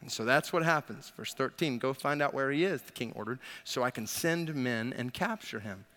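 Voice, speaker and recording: A man preaching a sermon, retelling a Bible story in an animated way with quips to the congregation. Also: medium pitch, moderate pace, big-room sound. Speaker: pastor.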